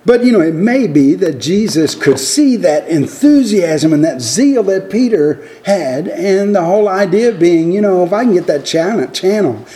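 A man's voice: high voice, lively intonation, normal speed, few pauses, mellow, slight background noise. Earnest man giving a folksy sermon. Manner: earnest, folksy, with frequent restarts; acts out quoted lines with a raised voice. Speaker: preacher.

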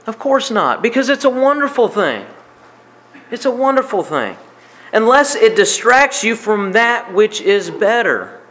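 A man's voice: high-pitched, big pitch swings, unhurried, fairly bright tone. A man preaching a sermon, repeating key lines for emphasis. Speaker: pastor.

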